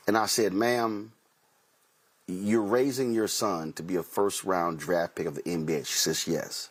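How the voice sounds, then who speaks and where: A talk show host with a low, husky voice speaks at normal speed in an emphatic commentary monologue. He tells anecdotes, acting out dialogue as he quotes himself and others, and repeats key phrases.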